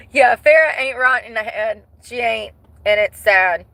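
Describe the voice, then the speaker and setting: A woman vlogger chatting casually to her viewers in a gossipy, animated way, cursing freely. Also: on the high side, a little slow, no room sound. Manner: animated, swears, breaks into laughter.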